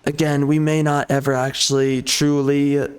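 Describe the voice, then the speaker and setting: A man hosting a gaming channel, venting in an angry, profane rant with halting restarts and frequent swearing. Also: on the high side, level tone, clear, resonant tone. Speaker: gaming channel host and author. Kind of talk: frustrated rant over gameplay.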